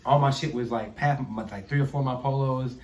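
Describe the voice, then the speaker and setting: A young man telling a story in a casual chat, animated, swearing and acting out the people he quotes. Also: mid-range voice, fairly quick. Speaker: podcast guest, artist. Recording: roomy echo.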